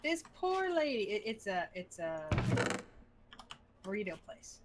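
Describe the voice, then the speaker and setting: A woman's voice: medium pitch, sing-song, measured pace, heavy background noise. A woman gaming with friends over voice chat, telling a story with giggles. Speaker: game player and storyteller. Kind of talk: casual voice-chat banter while gaming.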